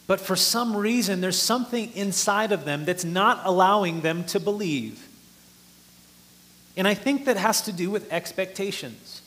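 A man's voice: high-pitched, a little slow, a bit bright. A man preaching a sermon, explaining a passage earnestly and rising in force for emphasis.

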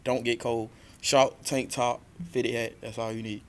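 A man's voice: medium pitch, little pitch movement, unhurried. A man co-hosting a podcast, telling a long story in loose slang with lots of "you feel me". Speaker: podcast co-host. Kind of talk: casual podcast chat.

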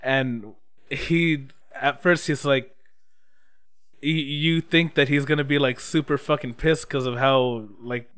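A young man in casual chat recapping an episode, excitable and swearing freely. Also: medium pitch, slow, smooth.

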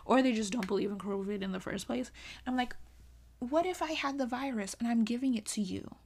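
A young woman talking casually to camera in a vlog, animated and exasperated, pleading with sudden high exclamations. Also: fairly quick. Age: young adult. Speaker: vlogger.

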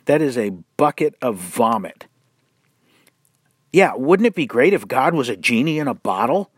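A man preaching, blunt and mocking, with sarcastic asides, slow and deliberate, drawing out words for emphasis. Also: medium pitch, very animated, husky, dry recording, clean studio sound. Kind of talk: sermon-style commentary.

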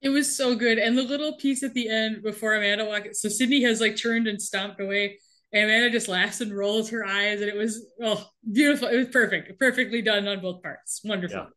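A woman's voice: mid-range voice, brisk. A woman co-hosting a podcast, casually recapping a TV episode and laughing often as she talks. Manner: animated, laughs often while telling. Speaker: podcast co-host. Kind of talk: casual chat recapping a TV show.

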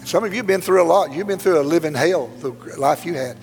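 Earnest older preacher in a hall. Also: male voice, a little high, quick pace, a little mellow. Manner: plainspoken and earnest, with dramatic swells. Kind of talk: sermon with storytelling. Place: church sanctuary. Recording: long hall reverb, faint music.

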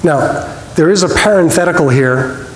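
A man teaching a church Bible study, conversational with small restarts, reading scripture with expressive emphasis. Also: on the high side, moderate pace. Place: church hall. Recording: roomy hall reverb, faint noise.

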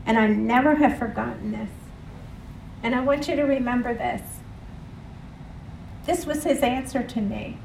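Slow, earnest woman preaching in an echoey room. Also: on the high side, creaky, a little mellow, a little hiss or hum. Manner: earnest, leads the congregation in repeated phrases. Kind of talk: sermon. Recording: roomy echo from a distant mic.

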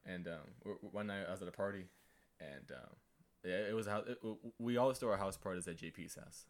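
A young man telling a story in casual podcast talk, halting, repeating his words and filling gaps with ums. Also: low voice. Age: young adult. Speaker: guest, college athlete.

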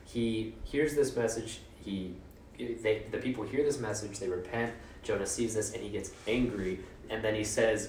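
A man's voice: fairly low pitch, steady tone, normal speed, a little mellow, a little hiss or hum. Man preaching in a roomy hall. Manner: informal and joking, with mock voices for quotes. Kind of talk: casual conversational sermon. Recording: roomy echo, mic at a distance.

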